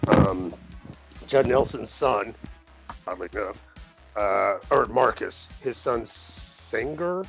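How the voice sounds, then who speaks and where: A man's voice: on the low side, animated, slow, gravelly, pauses often, faint music behind, rough recording. A man co-hosting a podcast, casually reviewing a movie in a rambling, profane way, laughing often and acting out the characters. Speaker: podcast co-host.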